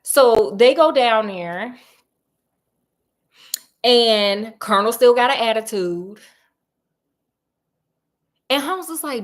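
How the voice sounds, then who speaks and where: A woman's voice: a little high, expressive, takes it slowly, long pauses. A woman casually retelling a classic detective story in a chatty, slangy, joking way, often interrupting herself.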